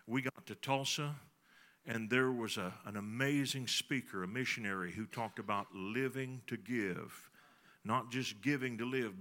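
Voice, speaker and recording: A man's voice: on the low side, bright, forceful tone. A middle-aged man, preaching a sermon in a folksy storytelling way and talking to the congregation. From Texas. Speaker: pastor.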